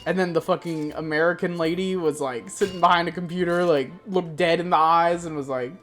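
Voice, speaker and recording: Over soft background music, a streamer from Florida tells a travel story in casual, profane chat. The voice is medium-pitched and fairly quick, animated, and puts on voices for the people being quoted.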